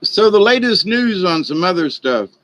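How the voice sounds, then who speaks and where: A man's voice: high-pitched, moderate pace, no room sound, rough recording. A man talking in a casual, rambling vlog monologue, folksy and chatty. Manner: folksy, chatty, animated in retold exchanges. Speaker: vlogger.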